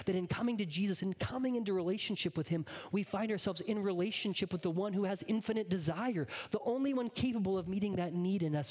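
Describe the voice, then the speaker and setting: A man preaching a sermon as a pastor, earnest, sometimes dropping to a hushed whisper. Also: sits high, quick pace, few pauses, husky.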